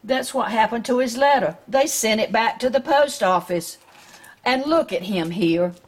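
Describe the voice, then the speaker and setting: Slow, husky Southern woman reading a storybook aloud. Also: on the high side. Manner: gentle, asks the listeners questions. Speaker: storyteller reading a picture book to children.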